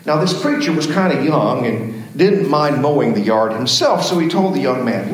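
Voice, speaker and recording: A man's voice: mid-range voice, animated, normal speed, hardly any pauses. A man, the pastor, preaching a sermon in a folksy storytelling manner, telling jokes and anecdotes. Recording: very echoey church room.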